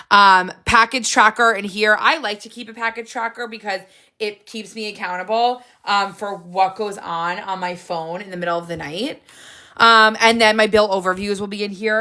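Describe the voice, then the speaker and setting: A woman hosting a casual live stream, chatty and excitable, jumping from idea to idea with frequent laughs. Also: mid-range voice. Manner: excitable, jumps between ideas, frequent laughs.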